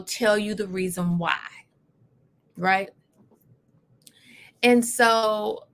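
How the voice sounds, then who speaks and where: A woman hosting a casual talk show, telling a personal story in an animated, emphatic way with lively asides. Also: medium pitch, creaky. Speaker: host.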